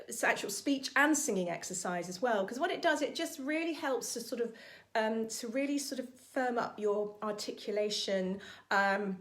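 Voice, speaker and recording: A woman vocal coach, leading an online singalong lesson in a chatty, encouraging way. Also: on the high side. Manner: encouraging, chatty, sings warm-up exercises.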